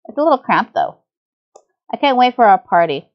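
A woman's voice: on the high side, very animated, moderate pace, lo-fi sound. A woman voicing a cheerful, clingy young man who personifies Italy, bubbly and a bit whiny, in a fan voice-over of a game.

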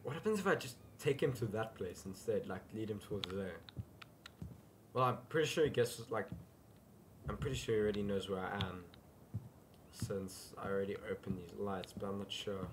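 Against background noise, a young male gaming YouTuber with a lowish voice talks at normal speed through a horror game let's-play. Casual and easily spooked, he shouts at scares and leans heavily on "dude."

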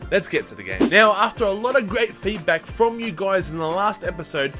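A young British man with a voice a touch higher than most talks viewers through a football video game match. He uses casual slang and erupts into cheers and shouts whenever a chance comes along. A faint bed of game music sits behind his voice. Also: sing-song, a little fast. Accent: British English. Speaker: gaming channel host. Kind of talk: live commentary over a football video game.

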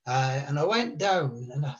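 A man's voice: on the high side, lively intonation, normal speed, muffled recording. Older man from Scotland recalling anecdotes. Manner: rambling, many fillers and restarts. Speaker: interviewee.

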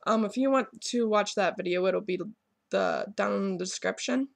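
A woman's voice: medium pitch, moderate pace, vocal fry, dry recording. A young woman vlogger telling a personal story to camera in a rambling, candid way, with many ums and restarts.

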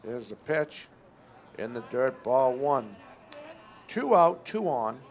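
A man calling local baseball play-by-play at an outdoor stadium, relaxed and chatty, often correcting himself. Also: medium pitch, slow. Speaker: play-by-play announcer.

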